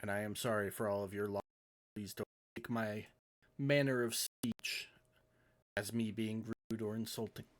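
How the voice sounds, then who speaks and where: A man voicing a smug, blunt male cat nobleman who speaks low and smooth in a tabletop game. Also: steady tone, moderate pace, pauses often, natural voice. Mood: suave.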